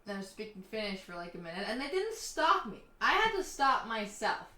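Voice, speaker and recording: A woman's voice: mid-range voice, big pitch swings, fairly quick, sharp tone. A young woman chatting casually on a live stream, reading chat and laughing often. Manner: giggly, chatty, reads chat aloud. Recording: echoey room.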